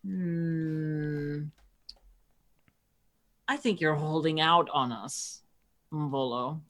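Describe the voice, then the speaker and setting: A sharp-eyed adventurer who presses for answers in slow, probing phrases, as a woman plays her. Her voice sits very low for a woman. Tabletop role-play. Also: heavily acted. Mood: suspicious. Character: shrewd, suspicious female adventurer.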